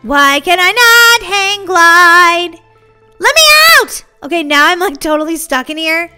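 Woman, very high voice, bright and sharp, bubbly and excitable, gaming commentary, faint music behind. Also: measured pace. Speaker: gaming channel host. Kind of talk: playing a video game and commenting.

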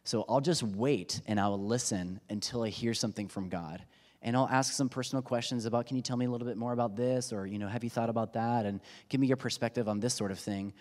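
The pastor, in his thirties, speaks quickly in a medium-pitched, darkish voice with fairly even intonation. Conversational and poking fun at himself, he acts out quotes with humor during his sermon, and the sanctuary adds a long reverb.

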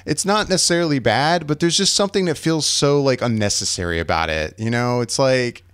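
Smooth-voiced Southern man, hesitant. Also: mid-range voice, lively intonation, a little fast, fairly bright tone, no echo. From American South. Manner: hesitant, rambling, laughs often. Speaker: podcast co-host. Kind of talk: casual chat.

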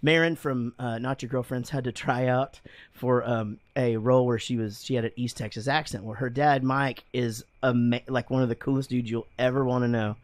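A man's voice: medium pitch, fairly even intonation, moderate pace, no echo. A man hosting a podcast in casual, rambling chat, swearing often and laughing a lot. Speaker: podcast host. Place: studio room with guests.

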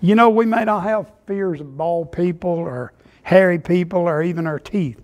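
A man's voice: high voice, normal speed, lo-fi sound. A man preaching a sermon, telling humorous stories in a folksy way. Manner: folksy storytelling, Southern phrasing. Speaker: pastor.

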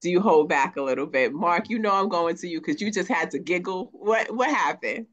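A woman's voice: on the low side, expressive, fairly quick, highs cut off. A woman co-hosting a casual chat, asking probing questions and throwing in teasing jokes. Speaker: co-host.

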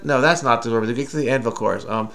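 Speaking fast in a medium-pitched, slightly bright voice, a man hosts a relaxed crossword solve alongside a child. He jokes and teases while patiently explaining the clues.

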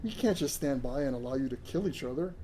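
A man voicing a gentle alien caretaker who speaks softly and with great compassion, as part of a story reading. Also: medium pitch, expressive, fast, close to an everyday voice. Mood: tender.

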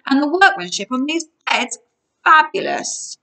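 Give me a quick-witted teenage boy, read by a woman, guarded and bright. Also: high-pitched, very animated, creaky, pitched above the performer's own voice, heavily acted. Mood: wary.

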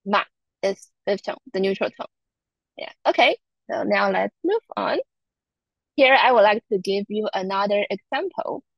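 A woman's voice: mid-range voice, no room sound, highs cut off. A woman from Taiwan, a native Mandarin speaker, teaching Chinese tones in a live online lesson, patiently repeating each example. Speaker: Chinese language instructor.

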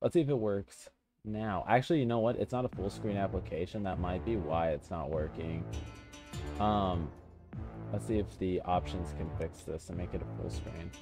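Low-pitched male streamer, excitable joker, casual gameplay chatter over light background music. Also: normal speed. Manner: excitable, joking, easily sidetracked. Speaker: gamer streamer. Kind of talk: casual let's-play commentary.

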